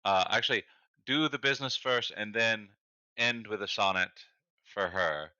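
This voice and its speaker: A man's voice: on the low side, moderate pace, bright, forceful tone, clean tone, no echo, muffled recording. A man playing a tabletop game over voice chat, joking and playful. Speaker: player.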